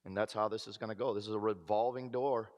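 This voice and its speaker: A man's voice: on the low side, steady tone, quick pace, darkish tone. A man preaching a personal testimony, telling his story and acting out the voices of people in it. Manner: storytelling, acts out quoted voices. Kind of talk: testimony sermon. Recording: reverberant hall.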